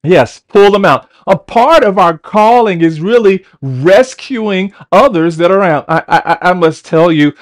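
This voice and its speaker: A man's voice: high voice, a little slow, few pauses. A middle-aged man, a pastor, preaching a sermon and reading scripture, often repeating words and calling on listeners to answer. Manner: repeats words and stumbles, calls for responses.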